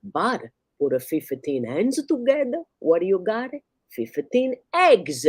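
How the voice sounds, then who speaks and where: A loud, emphatic Italian barber in broken English, as a woman puts him on. The voice sits high and the sound is dry and close. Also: monotone, fairly quick, dry recording, natural voice. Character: loud middle-aged male Italian barber.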